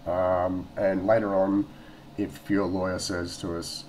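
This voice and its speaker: A man's voice: deep voice, level tone, takes it slowly, a little mellow, a little hiss or hum, low-quality recording. A man with an Australian accent talking casually to camera, blunt and rambling, swearing freely. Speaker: vlogger.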